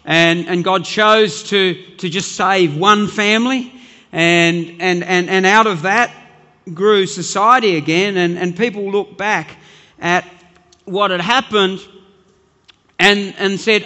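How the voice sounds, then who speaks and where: Man preaching a sermon, emphatic, repeats words, sharp voice, long hall reverb. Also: high-pitched, fairly even intonation, slow. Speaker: pastor.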